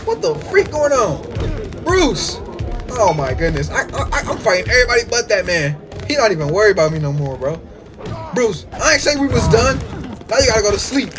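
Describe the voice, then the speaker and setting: Young dude yelling over a wrestling game, high voice bouncing all over, music going behind him. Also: male voice, quick pace. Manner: excitable, trash-talking, slangy, jumps from mumbles to yelps. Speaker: gaming YouTuber. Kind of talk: casual gameplay commentary.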